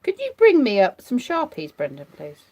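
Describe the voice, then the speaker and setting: A woman talks to her viewers from bed in a casual, rambling way and giggles often. Her voice sits fairly high and moves through a wide, lively range. She is recorded close up on a phone or webcam. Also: normal speed, lo-fi sound. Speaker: vlogger. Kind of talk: casual live chat to viewers. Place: at home in bed.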